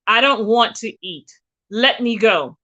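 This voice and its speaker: A woman's voice: on the high side, animated, unhurried, pushed and bright, highs cut off, exaggerated voice. A woman reading aloud the lines of a frightened young woman held captive, pleading shakily to be let go. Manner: begging, shaky, desperate.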